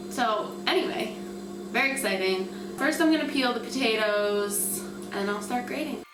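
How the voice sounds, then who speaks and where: A woman's voice: on the high side, normal speed, echoey room, far from the mic, noisy background. A woman hosting her own cooking vlog, chatting casually and unsure of herself as she cooks in a home kitchen. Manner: chatty, unsure, self-deprecating while working. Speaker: cooking vlogger.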